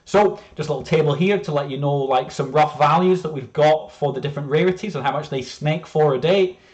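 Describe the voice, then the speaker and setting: A man presenting his game in a casual, rambling way, often restarting sentences, joking at himself and getting excited. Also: fairly high pitch, fairly quick. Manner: rambling, self-interrupting, excitable, jokey. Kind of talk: casual screen-share presentation.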